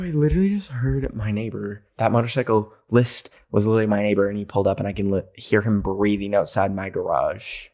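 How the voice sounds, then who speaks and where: Chatty young man hosting a podcast. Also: medium pitch. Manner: chatty, rambling, joking, lots of "like" fillers. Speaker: podcast host reading listener stories. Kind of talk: casual chat. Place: home, near a garage.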